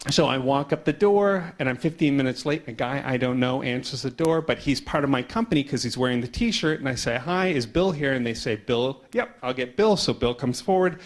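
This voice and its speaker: A man telling a story at a conference talk, brisk and animated. He slips into the voices of the people in his tale, then slows himself down for the audience. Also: medium pitch. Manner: animated storyteller acting out dialogue; quick pace with slowing down. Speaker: conference speaker.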